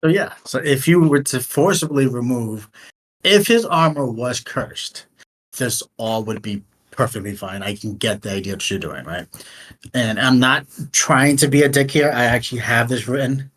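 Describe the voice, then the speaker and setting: A man's voice: mid-range voice, normal speed, fairly bright tone. A man acting as dungeon master, patiently explaining rules and reassuring his players. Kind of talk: running a tabletop game.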